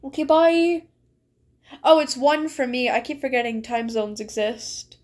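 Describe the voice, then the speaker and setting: A woman's voice: high voice, unhurried, darkish tone. A young woman streaming a game, chatting casually and reading story text aloud with frequent giggles. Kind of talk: casual live-stream chat while gaming and reading aloud.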